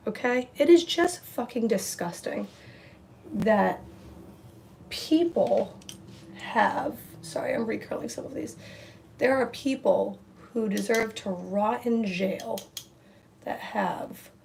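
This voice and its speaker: A young woman talks straight to her livestream from a room at home, blunt and full of fillers, cursing freely as she vents. Her voice has a gravelly, fry-laced texture at an ordinary middle pitch. A faint hiss sits under the recording. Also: a little mellow. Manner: frank, swears freely, many fillers. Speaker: livestream host. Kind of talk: casual ranting while doing makeup.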